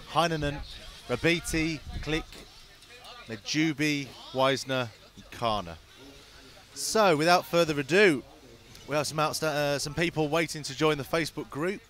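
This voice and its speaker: A man's voice: on the high side, a bit bright. A man reading race results and greeting new group members, chatty and self-mocking. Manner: chatty, self-mocking, apologetic about names. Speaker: race stream presenter. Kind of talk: casual live-stream chat. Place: outdoors at race track.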